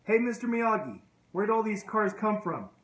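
Man playing an eager teenage student: high, loud calling voice, roomy echo. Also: moderate pace, lightly acted.

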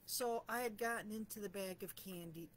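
A woman's voice: medium pitch, normal speed, a little hiss or hum. A middle-aged woman talking in a casual, candid and self-deprecating way as she reflects in her vlog. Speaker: vlogger.

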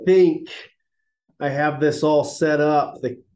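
A man's voice: a little high, fairly even intonation, slow pace, dark tone. A man in his thirties, a chiropractor giving a casual livestreamed health talk, sounding congested and nasal, folksy and enthusiastic, recorded on laptop and phone mics.

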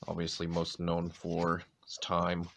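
A deep-voiced man with a light New England accent rattles off player names between chatty asides as he opens card packs. His throat is a little sore, and he keeps clearing it. Wrappers rustle faintly in the background. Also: completely flat delivery, measured pace, fairly bright tone, a little hiss or hum. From Maine, USA. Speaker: card-opening channel host. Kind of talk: casual pack-opening commentary.

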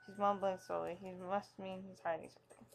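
A woman's voice: mid-range voice, level tone, fast talker, gravelly, soft background music. A woman giving casual, jokey commentary as she plays through a game, reading its text aloud with wry asides. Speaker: let's play host.

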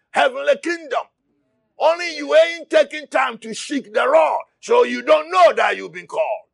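Shouting gravelly man preaching fiercely. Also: extremely high pitch, dry recording, studio quality. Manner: shouting and preaching, repeats words, cries out. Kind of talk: fiery sermon.

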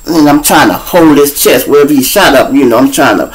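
A man around fifty with a Chicago accent, hosting his own show and telling a raw street story to his listeners, profane and blunt, breaking into loud acted-out voices. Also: fairly high pitch, animated, brisk, poor audio. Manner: profane, blunt, addresses listeners directly, acts out voices loudly. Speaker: show host.

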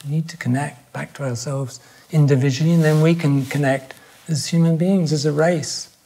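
An older man talks in a relaxed podcast conversation. His voice is gravelly and sits a little high for a man, and he searches for words, restarting his sentences as he thinks aloud. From England. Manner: thoughtful, with halting restarts. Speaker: podcast guest. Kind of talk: reflective conversation.

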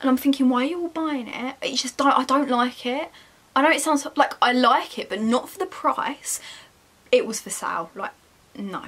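A young woman vlogger chats casually to herself and her viewers while browsing online shops, talkative and self-mocking. Her voice sits high and a bit bright, animated at a moderate pace, and she is chilly, wrapped in a jacket.

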